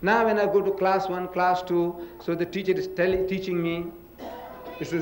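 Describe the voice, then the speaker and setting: A man's voice: high-pitched, fairly even intonation, moderate pace. A man from India raised in Africa, giving an emphatic public lecture and spelling words out letter by letter. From India, raised in South Africa. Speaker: lecturer in a public religious debate. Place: lecture hall. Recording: roomy hall echo.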